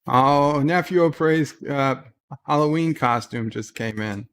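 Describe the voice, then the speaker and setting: A man's voice: mid-range voice, measured pace, fairly bright tone, smooth. A man hosting a casual livestream who reads out viewer messages and rambles with sardonic asides and frequent restarts. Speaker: livestream host.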